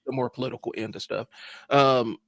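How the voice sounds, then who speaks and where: A man with an ordinary mid-range voice talks on a podcast in an easygoing way. He is sarcastic and animated and keeps reaching for "like" and "you know" as he goes. The mic is close and dry. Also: mid-range voice, a little fast, creaky, dry recording. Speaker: podcast co-host. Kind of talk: casual chat.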